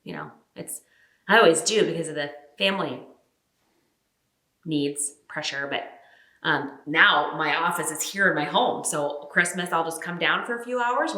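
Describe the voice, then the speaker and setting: Bright-voiced woman in a comedy sketch. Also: fairly low pitch, moderate pace, reverberant. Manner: chatty, hesitant with fillers. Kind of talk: deadpan comedic character monologue.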